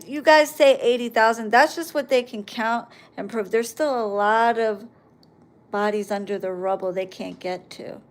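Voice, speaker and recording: A woman hosting a live stream, talking to her viewers in a sarcastic, ranting, mocking monologue. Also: fairly high pitch.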